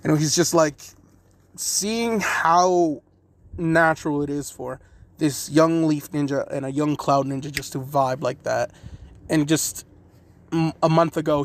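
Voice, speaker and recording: A man casually retelling a fan-made story, rambling and often correcting himself with lots of fillers. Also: a little high.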